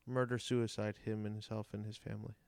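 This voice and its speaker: A man's voice: fairly low pitch, level tone, brisk, vocal fry, darkish tone, no room sound. A man in casual chat who asks questions and jokes around with playful wordplay. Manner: joking, playful with words.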